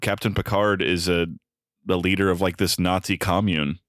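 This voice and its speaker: A man's voice: low-pitched, flat delivery, moderate pace, a bit bright, dry recording. A man co-hosting a podcast, chatting casually about a film in a dry, wry, joking way with plenty of ums. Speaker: podcast co-host. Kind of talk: casual film-review chat.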